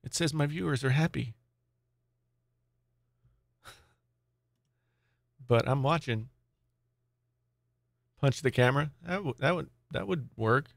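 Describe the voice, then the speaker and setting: A man talks on a casual live tech stream, rambling and distracted as he speaks to his chat. His voice is gravelly and the sound is dry and close. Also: medium pitch, slow pace, long pauses, dry recording. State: angry.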